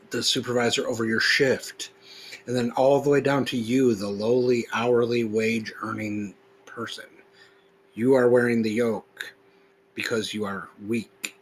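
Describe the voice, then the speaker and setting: A man's voice: medium pitch, fairly bright tone, low-quality recording. Man podcasting over faint hiss. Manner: slow, emphatic recitation when reading; loose, conversational, with fillers when explaining. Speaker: podcast host. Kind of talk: reading a text aloud, then casual commentary.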